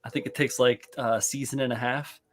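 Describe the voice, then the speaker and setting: A man's voice: mid-range voice, fairly even intonation, fairly quick, a bit bright. A man co-hosting a model-building livestream, laid-back and swearing casually while reading chat.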